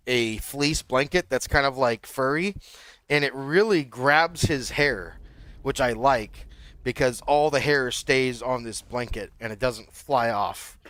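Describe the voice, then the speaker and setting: A man hosts his own game stream, chatting at an easy, ordinary pitch. His talk rambles and loops back on itself, full of fillers and restarts, like someone thinking aloud for viewers. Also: pushed and bright, smooth, no echo. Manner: rambling, loose, lots of fillers. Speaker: livestream host. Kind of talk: casual livestream chat.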